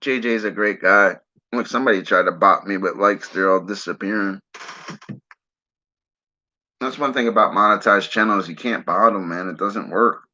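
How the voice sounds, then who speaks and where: Philly-raised male streamer, loose rambling talker with a sharp tone. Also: on the low side, moderate pace. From Philadelphia area, US. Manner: rambling, keeps saying "man"; smokes while talking. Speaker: livestream host. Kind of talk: casual livestream chat. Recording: dull lo-fi stream audio.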